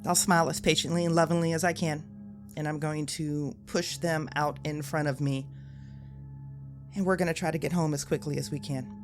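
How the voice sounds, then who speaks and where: A woman at a tabletop game describes what her character does in a fairly low, conversational voice. Faint music plays in the background. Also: steady tone, normal speed. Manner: conversational, explaining actions. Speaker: player.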